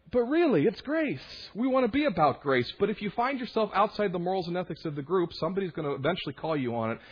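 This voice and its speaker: A young man preaches in a chatty, conversational sermon, slipping into quoted voices and side remarks. His voice sits high and a bit husky. The recording is dull and lo-fi. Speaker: young adult minister.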